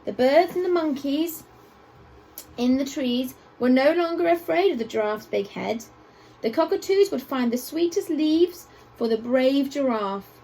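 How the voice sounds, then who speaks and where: A woman teacher reading a picture book aloud to children at a school assembly, with expressive storytelling and playful asides. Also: high-pitched, a little slow, poor audio.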